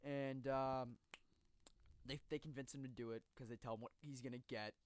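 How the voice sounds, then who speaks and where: A man co-hosting a podcast in casual chat, retelling stories with lively energy and plenty of swearing. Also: mid-range voice, moderate pace. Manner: animated storyteller, swears freely. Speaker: podcast co-host.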